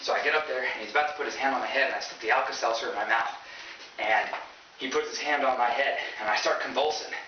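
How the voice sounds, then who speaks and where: A man's voice: mid-range voice, fast, sharp tone, slight background noise. A male stand-up comedian telling a story in a loose, casual way, with lots of fillers. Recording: echoey dull room from far off.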